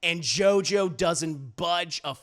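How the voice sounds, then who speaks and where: A young man recapping a TV episode in a casual, animated, profane way, stammering often. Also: a little high, slow. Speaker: TV reviewer.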